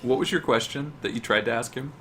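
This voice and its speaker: A man playing a tabletop game, joking and quick to laugh. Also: mid-range voice, bright, forceful tone, a little hiss or hum. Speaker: player. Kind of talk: casual game chat.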